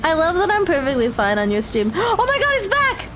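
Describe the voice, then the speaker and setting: A young adult woman streamer chatting casually on a live stream, giggly and excitable. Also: very high-pitched, a little fast, slight background noise.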